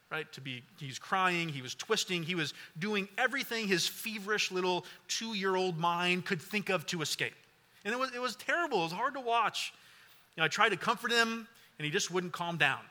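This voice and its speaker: A pastor in his forties preaching a sermon and prayer, telling a personal story in an earnest, halting way, repeating words and dropping very soft at tender moments. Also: high-pitched.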